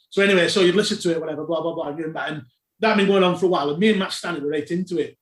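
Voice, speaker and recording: A man tells club stories as a podcast guest, his voice pitched fairly high for a man. He talks in a relaxed, animated way and keeps breaking into laughter. The room around him gives a noticeable echo. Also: racing. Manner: animated anecdotes, laughs while telling. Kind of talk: casual storytelling. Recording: roomy echo.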